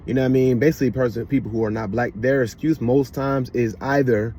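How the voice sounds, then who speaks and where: Talking fast in a medium-pitched voice with fairly even intonation, a man with a Washington DC-area accent offers rambling, casual remarks, repeating fillers and asking if you know what he means. There's slight background noise and a loud car passing outside.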